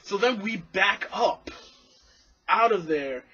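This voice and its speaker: A young man talks to his camera in a high, bright voice with some rasp. He tells the story animatedly and with plenty of swearing. The recording sounds dull and lo-fi. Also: slow, faint music behind. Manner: animated, swearing, acts out quotes. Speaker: vlogger. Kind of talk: casual profane storytelling to camera.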